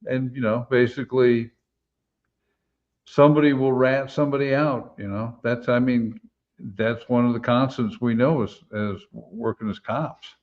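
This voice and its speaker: Man, former police officer, measured explanation, tinny phone-like sound. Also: mid-range voice, steady tone. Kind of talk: casual panel discussion.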